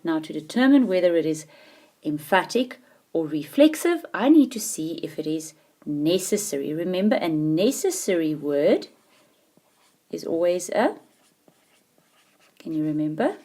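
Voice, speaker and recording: A woman teaching a grammar lesson, explaining patiently with clear, emphatic stresses. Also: lowish voice, very animated, a little slow, long pauses, warm tone.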